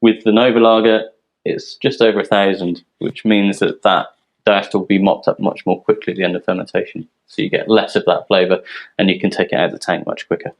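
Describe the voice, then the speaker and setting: A man from a yeast company presenting technical details in a relaxed, explanatory way, with frequent ums. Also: sits low, fairly quick, highs cut off. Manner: explanatory, filler-heavy, relaxed.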